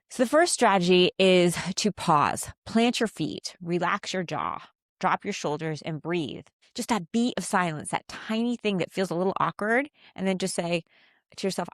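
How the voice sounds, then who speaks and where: A woman giving a calm, faith-based self-help talk on handling conflict. She teaches step by step and slows down to stress key phrases. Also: lowish voice, no room sound, studio quality. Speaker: communication coach.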